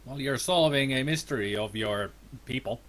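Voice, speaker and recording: A streamer making joking side comments while playing a game. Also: male voice, mid-range voice, moderate pace, a bit bright. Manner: joking asides. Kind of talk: let's play commentary.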